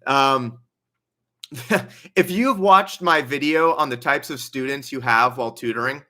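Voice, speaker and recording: Bright-voiced young man hosting a livestream. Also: mid-range voice, unhurried. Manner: chatty, reads donations aloud, laughs while telling stories. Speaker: livestream host. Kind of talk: casual livestream Q&A.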